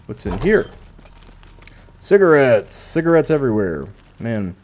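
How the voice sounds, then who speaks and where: Chatty man with a lively pitch. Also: moderate pace. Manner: chatty, musing aloud while playing, dry asides. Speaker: gameplay commentator. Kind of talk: casual let's play commentary.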